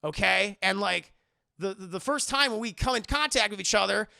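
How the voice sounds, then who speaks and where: Man doing a whiny grown son, loud pleading complaints, high voice. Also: moderate pace, gravelly, clean tone, dry recording, clean studio sound, heavily acted. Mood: whining. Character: whiny adventurer son, adult, resentful.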